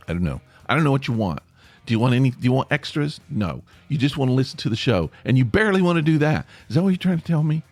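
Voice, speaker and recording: A middle-aged man chats alone into the mic, rambling and poking fun at himself as he speaks straight to his listeners. His pitch swings up and down a lot. The sound is dry and close, with faint music underneath. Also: no echo. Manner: rambling, self-deprecating, talks to listeners directly. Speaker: podcast host. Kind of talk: casual solo podcast monologue.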